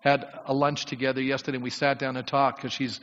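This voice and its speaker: A man's voice: mid-range voice, flat delivery, fast, a bit bright, in a large hall, highs cut off. A man preaching as a pastor, with a conversational, chatty sermon manner and frequent casual asides. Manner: conversational preaching with many "you know" asides.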